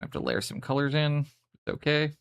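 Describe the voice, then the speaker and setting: A man's voice: fairly high pitch, flat delivery, a little fast, gravelly, a bit bright, smooth, dry recording, studio quality. A young man from Canada's West Coast with a mild Western Canadian accent, chatting casually on a live stream while he paints miniatures, in a laid-back, mumbling way with casual swearing.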